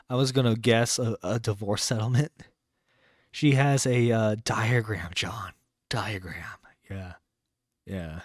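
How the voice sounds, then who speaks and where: A man's voice: medium pitch, a little slow, darkish tone, no room sound. A man hosting a live stream, reacting to a clip in an exasperated, incredulous rant with some swearing, close to the mic. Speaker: internet radio host reacting to a clip.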